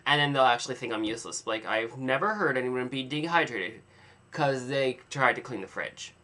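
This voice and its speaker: A man's voice: medium pitch, lively intonation, normal speed, bright, forceful tone. A young man rambling in a casual video diary, telling an exaggerated, dramatic story with playful self-mockery. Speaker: vlogger.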